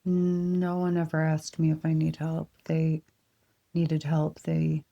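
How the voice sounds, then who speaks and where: A woman hosting an interview, asking soft, supportive questions. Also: sits low, monotone, takes it slowly, vocal fry, dull audio. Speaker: interview host.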